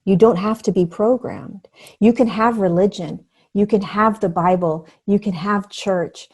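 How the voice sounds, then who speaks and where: Earnest animated woman guest. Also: medium pitch, unhurried, husky. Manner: earnest, animated, acts out quoted voices. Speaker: podcast guest, spiritual teacher. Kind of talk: conversational interview.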